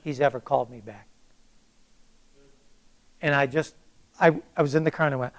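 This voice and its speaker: An older man preaching a sermon, reading scripture with booming emphasis and then telling a personal story in a plain, conversational way. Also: moderate pace, long pauses.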